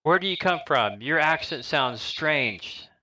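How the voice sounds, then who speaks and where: A man's voice: a little high, expressive, measured pace, pushed and bright, pitched above the performer's own voice, rough recording. A man voicing a prim, disapproving orphanage headmistress in her fifties who asks clipped, suspicious questions. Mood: curious.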